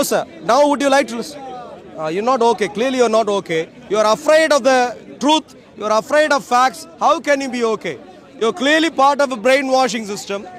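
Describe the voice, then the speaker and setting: Very high-voiced man lecturing outdoors. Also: a bit bright. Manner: emphatic, repetitive, lecturing. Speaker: street speaker. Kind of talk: open-air debate speech to passersby. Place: outdoor public park.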